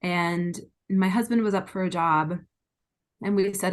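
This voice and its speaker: A woman's voice: lowish voice, steady tone, moderate pace. A woman guest in an interview, telling her own story in an earnest and emotionally frank way. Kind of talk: candid personal storytelling.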